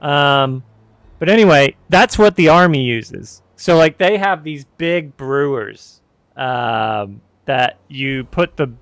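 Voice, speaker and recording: A man's voice: medium pitch, expressive, takes it slowly, fairly bright tone, no room sound. A man telling a long story in casual chat while gaming, rambling with asides and self-corrections. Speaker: streamer and host.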